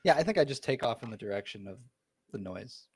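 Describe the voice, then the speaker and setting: Animated man with a gravelly, husky voice. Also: mid-range voice, fast, no echo. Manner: animated, laughing. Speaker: player. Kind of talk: casual chat during a tabletop game.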